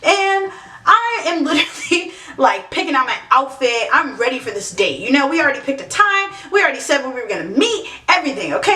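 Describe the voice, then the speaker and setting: A woman vlogger telling funny dating stories in a sassy, animated way, with many asides. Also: high-pitched. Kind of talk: comedic storytelling to camera. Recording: echoey room, mic at a distance.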